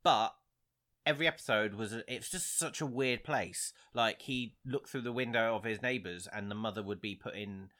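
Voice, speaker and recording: A man's voice: fairly low pitch, moderate pace, bright, forceful tone. A man co-hosting a casual podcast chat, reminiscing in a wry way. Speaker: podcast co-host.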